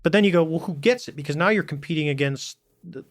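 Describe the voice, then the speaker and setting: The podcast guest, once a navy pilot, has a higher-pitched voice and a quick pace. His conversation is casual and blunt, and he acts out the lines people said as he spins animated stories. The sound is clean studio audio without room tone.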